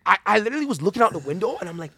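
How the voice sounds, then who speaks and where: A young man, telling a story in casual podcast chat, animated and heavy on slang and swearing. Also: sits high, racing, vocal fry, crowd noise. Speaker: podcast guest.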